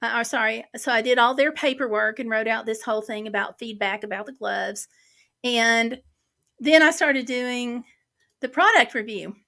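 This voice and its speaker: Bright, high-voiced woman chatting. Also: fairly even intonation, normal speed, vocal fry. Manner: rambling, chatty, easily sidetracked. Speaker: livestream host. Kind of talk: casual livestream chat. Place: home office.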